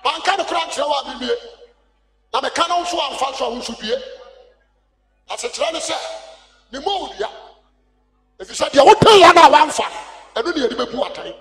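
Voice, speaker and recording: A man with a Ghanaian accent preaching a sermon as an evangelist, impassioned and shouting, calling for responses from the congregation. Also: very high voice, lively intonation, fairly quick, pauses often. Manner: impassioned, shouting call-and-response preaching mixing two languages. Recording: long hall reverb.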